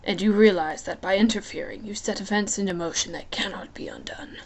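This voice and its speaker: A smug, lustful god of the underworld, as a woman reading aloud puts him on, hissing his lines in a low, breathy whisper. He sounds mocking and unhurried, more menacing than loud, in a homemade audiobook reading. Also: natural voice. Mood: cold.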